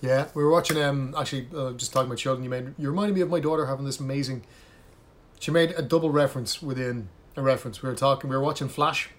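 A man's voice: mid-range voice, steady tone, fast. A man in casual chat with a friend, ranting animatedly and swearing heavily.

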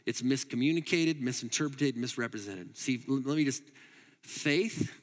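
A man preaching a sermon as pastor, emphatic, moving between loud urging and quiet asides. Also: mid-range voice, normal speed, in a large hall. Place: church hall.

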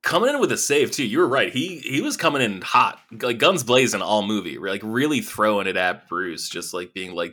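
A man hosting a casual film podcast, animated and swearing freely as he acts out quoted lines. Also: lowish voice, brisk, hardly any pauses. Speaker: podcast host. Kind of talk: casual chat.

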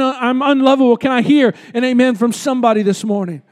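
A male pastor preaching an impassioned sermon, calling for amens and rising to shouts. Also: very high voice, brisk, hardly any pauses.

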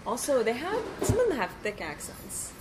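A woman's voice: a little high, huge pitch swings, moderate pace, background noise. A woman co-hosting a casual podcast chat, chatty and playful.

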